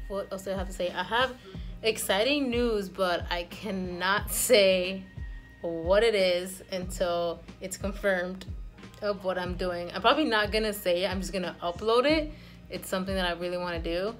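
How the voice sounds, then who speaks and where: Young woman in her twenties, vlogger, mid-range voice; loose, rambling delivery with lots of fillers, quick to laugh; faint music underneath. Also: medium pitch. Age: 20s. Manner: rambling, chatty, laughs easily. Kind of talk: casual vlog chat.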